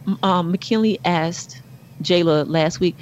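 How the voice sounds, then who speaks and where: Animated middle-aged woman co-host, lo-fi. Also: takes it slowly, a little hiss or hum. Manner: animated storyteller, rises to high exclaims. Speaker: podcast co-host. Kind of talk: casual chat.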